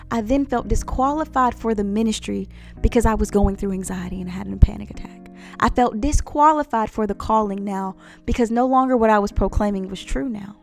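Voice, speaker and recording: A Christian vlogger shares her personal testimony, speaking directly to viewers in an earnest, preachy way. Her voice is fairly high with a darkish tone.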